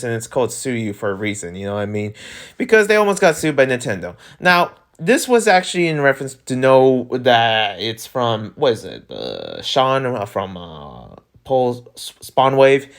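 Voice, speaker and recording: A man hosting his own podcast, ranting in casual chat, rambling with lots of filler and emphatic asides. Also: a little high. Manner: animated, ranting, rambling with frequent "freaking" and "like". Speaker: podcast host. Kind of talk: casual solo rant.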